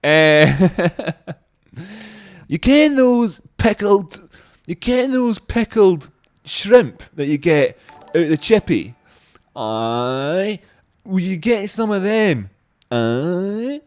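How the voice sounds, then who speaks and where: A Scottish man putting on the voice of a rowdy drunk man who raves excitedly about strange food combinations in a high, drawling voice. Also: very slow, pauses often, full character voice. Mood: eager.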